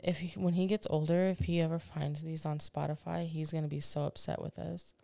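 A woman with a low, gravelly voice chats with a co-host on a podcast. She tells stories with energy and laughs often. The sound is close and dry. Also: fairly quick, no room sound. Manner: animated storytelling, acts out voices, laughs often. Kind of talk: casual chat.

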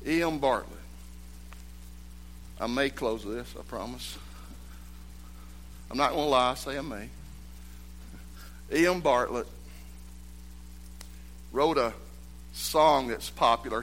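A man preaching a sermon, moving between loud, emphatic exhortation and hushed, quiet storytelling. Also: mid-range voice, slight background noise.

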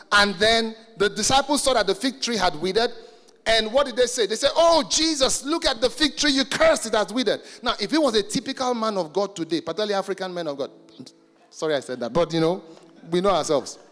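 A man from Nigeria preaching a sermon, animated and joking, shouting some points and stretching words. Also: sits high, a little fast, big-room sound.

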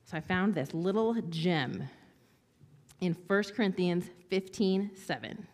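A woman preaching a sermon in a conversational, animated way, acting out quoted lines with sarcasm. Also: on the low side, slow pace, long reverb tail. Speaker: pastor.

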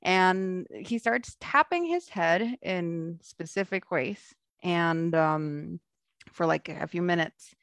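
A young woman telling a long personal story in casual conversation, animated and laughing often, acting out the people she quotes. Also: fairly low pitch, takes it slowly, no room sound.

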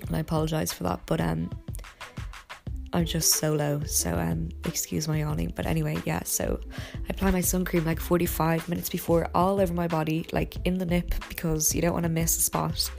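A tired young woman hosting a podcast, rambling softly from bed with lots of fillers. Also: low voice, flat delivery, a little fast, gravelly, soft background music. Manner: rambling, soft, many fillers and yawns. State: tired, low energy. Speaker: podcast host. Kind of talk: casual personal podcast monologue. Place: in bed at home.

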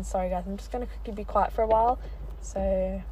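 A woman's voice: mid-range voice, fast, slight background noise, rough recording. A young woman with an English accent, chatting and rambling through stories as a podcast host while sitting in a parked car. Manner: chatty and rambling, lively storytelling. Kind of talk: casual chat.

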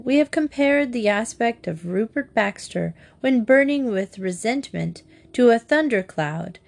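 Wry, expressive woman narrating a comic novel. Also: a little high.

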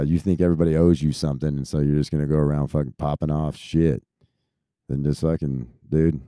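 A man's voice: rumbling low, mellow, no echo, studio quality. A man in his thirties who grew up in Texas, ranting casually in a rambling, profane stream. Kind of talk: casual rant.

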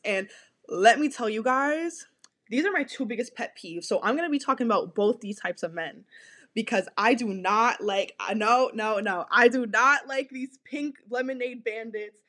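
A woman with a high voice hosts a podcast in a loose, ranting manner. She talks bluntly, swears freely and hammers the same points over and over. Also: normal speed, a bit bright. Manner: blunt, profane and repetitive. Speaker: podcast host. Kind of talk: casual podcast rant.

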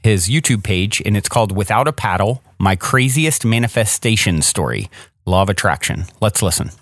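A man's voice: fairly low pitch, animated, moderate pace. A man co-hosting a podcast in casual, upbeat chat. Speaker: podcast co-host.

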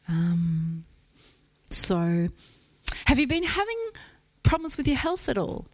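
A woman's voice: medium pitch, very animated, slow pace, long pauses. A woman preaching a sermon in a conversational, playful way, often asking rhetorical questions.

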